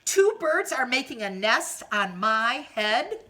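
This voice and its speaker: A woman voicing a big, nervous male elephant in a picture book, loud and alarmed. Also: mid-range voice, takes it slowly.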